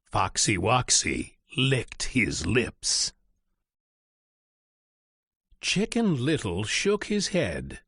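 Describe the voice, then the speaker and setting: A man reading a children's story aloud in an expressive, deliberate way. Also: mid-range voice, creaky, husky, dry recording, studio quality. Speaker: narrator. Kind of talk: storybook read-aloud narration.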